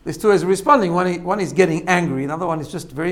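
Man teaching with a slightly high voice. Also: very fast, a bit bright. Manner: explanatory, repeats phrases, frequent tag "right?". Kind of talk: spoken lesson on self-growth.

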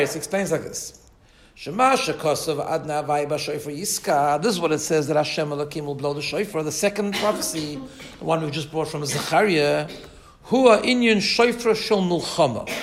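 Male Torah teacher, slightly high pitch, explains text step by step and checks in often; recorded in an echoey room. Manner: explains Hebrew text line by line, checks in with "right?". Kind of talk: text-based Torah class.

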